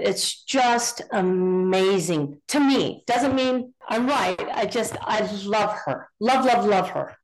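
Middle-aged woman guest, lively storyteller who acts out each voice, higher pitch. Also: low-quality recording. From Northern California. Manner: animated storyteller, acts out quoted dialogue. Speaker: guest, contractor. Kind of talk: casual storytelling interview.

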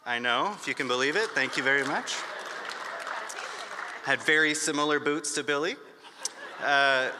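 Man in his 30s from Michigan, heartfelt awards-gala speech, bright tone, big hall reverb. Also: medium pitch. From northern Michigan. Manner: earnest and emotional, with light humor. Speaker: award honoree giving a speech. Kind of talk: prepared acceptance speech. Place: large hotel ballroom.

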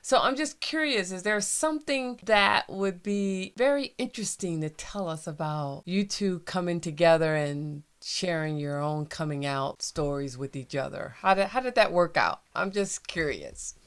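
Woman host, lowish smooth voice, gentle and curious. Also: animated, moderate pace, hardly any pauses. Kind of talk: interviewing.

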